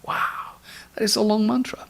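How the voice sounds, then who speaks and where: A man with a gravelly, creaky voice gives a spiritual lecture on meditation. He speaks slowly and deliberately at an ordinary pitch, guiding like an instructor and letting some words sink to a whisper. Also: expressive. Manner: slow, deliberate teaching with words dropped to a whisper.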